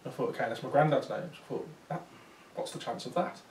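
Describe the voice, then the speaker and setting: Speaking fast with a medium, somewhat dark voice, a man who investigates the paranormal gives a talk, rambling through a story with lots of fillers and false starts. There's a faint hiss or hum, and the distant mic makes the room sound large.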